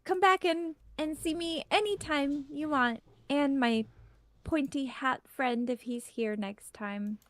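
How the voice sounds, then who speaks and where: A woman's voice: high-pitched, slow pace, fairly bright tone, no echo, voice pushed up. Woman doing a friendly rambling talking tree, dry close sound.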